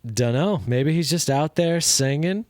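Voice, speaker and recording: A man's voice: a little high, measured pace, no echo, clean studio sound. A man co-hosting a reaction video, chatting playfully and with animation. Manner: animated, playful, hums guitar riffs. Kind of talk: casual chat reacting to a music video.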